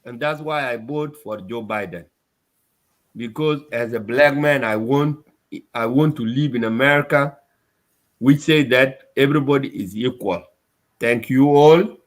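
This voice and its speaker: A man from South Sudan, speaking in a mid-range voice at a measured pace, addresses his community. He sounds upset and emphatic, repeating his points.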